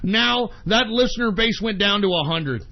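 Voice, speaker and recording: A man's voice: sits high, animated, normal speed, highs cut off. A man hosting an internet radio show, venting in an exasperated, profane rant with sudden outbursts. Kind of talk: angry solo on-air rant.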